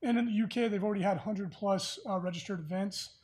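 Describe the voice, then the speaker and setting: A man's voice: high voice, fast talker, darkish tone, breathy edge. A man hosting a podcast, talking casually and easily about tabletop gaming news with a lot of filler words. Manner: chatty, easygoing, with frequent filler words. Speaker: podcast host.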